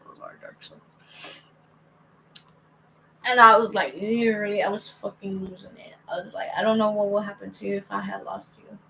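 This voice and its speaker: A woman's voice: mid-range voice, vocal fry, a bit bright, a little hiss or hum, poor audio. A young woman telling a rambling, casual story to her viewers, reading out old text messages with many restarts. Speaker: vlogger.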